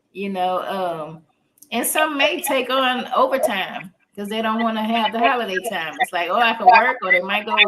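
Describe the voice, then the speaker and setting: On a casual podcast about grief, a middle-aged woman therapist speaks in a slightly bright, medium-pitched voice. She's chatty and folksy, slipping into easy laughs. The recording is rough.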